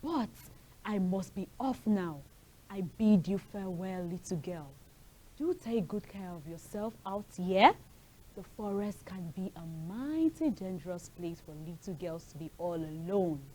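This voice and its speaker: A woman voicing a sly male wolf in a low, gruff voice, quiet and smooth-talking. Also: lively intonation, a little slow, rough recording. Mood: menacing.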